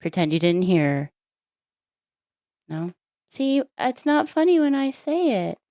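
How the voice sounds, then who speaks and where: A woman podcast host reading jokes aloud in a flat, unenthusiastic way during a casual chat. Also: medium pitch, measured pace, no echo, clean studio sound. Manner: flat, unenthusiastic joke delivery.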